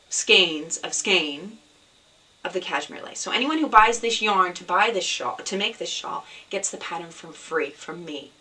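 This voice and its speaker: A woman's voice: fairly low pitch, sharp tone, recorded from a distance, low-quality recording. A woman hosting a knitting podcast, chatting casually at home with lots of ums and restarts. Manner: chatty, rambling, with many fillers and restarts. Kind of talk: casual chat to camera. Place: at home, indoors.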